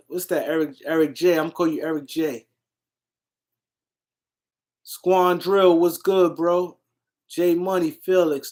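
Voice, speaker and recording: A man hosting a casual sports livestream, answering comments and shouting out viewers in the chat. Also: fairly high pitch. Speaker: livestream host.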